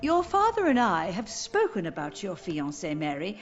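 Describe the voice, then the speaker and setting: A woman voicing a grieving elderly mother in a game, speaking softly and tenderly, with a gentle, sorrowful manner. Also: mid-range voice, wildly swooping pitch, normal speed, lo-fi sound, faint music behind. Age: older. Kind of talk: game voice acting.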